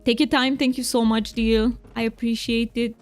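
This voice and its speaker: A chatty woman with a Romanian accent she leans into on purpose, streaming a game and chatting with her viewers. Her voice sits a little high, and she talks to chat kindly and laughs often. Soft music plays faintly under her. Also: little pitch movement, normal speed. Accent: Romanian, played up for fun. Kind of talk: casual live-stream chat while gaming.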